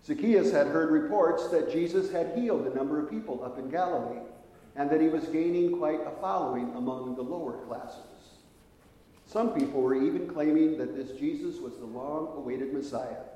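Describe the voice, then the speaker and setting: Male preacher, conversational sermon storytelling, slightly high, mellow voice, echoey hall. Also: animated, normal speed. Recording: echoey hall with long reverb.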